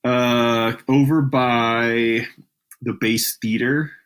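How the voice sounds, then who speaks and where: A man's voice: medium pitch, steady tone, drawn-out words, a bit bright, clear, resonant tone. A man from Georgia co-hosting a podcast in casual chat, easygoing and laughing along with short agreeing replies. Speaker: podcast co-host.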